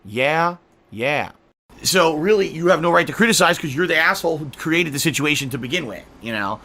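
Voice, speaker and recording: A man's voice: a little high, fast talker, pushed and bright. A male streamer ranting angrily and profanely during a live stream.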